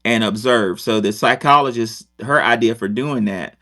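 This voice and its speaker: A man's voice: mid-range voice, moderate pace, faint music behind. A middle-aged man from Rochester telling a story in casual chat, with lots of swearing and digressions. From Rochester, New York. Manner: profane, digressive, animated. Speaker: podcast host, former teacher.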